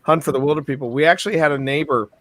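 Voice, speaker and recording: A man's voice: fairly high pitch, very fast, a bit bright, no room sound. A man co-hosting a casual podcast chat, telling rambling stories full of restarts. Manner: rambling storyteller, restarts, mimics accents. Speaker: podcast co-host.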